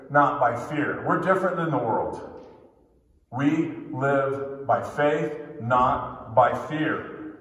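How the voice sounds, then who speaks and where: A man's voice: a little high, a bit bright, distant mic. Man preaching in an echoey hall. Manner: emphatic, drawn-out phrasing with repeated refrains. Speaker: pastor. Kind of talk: sermon. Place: church sanctuary.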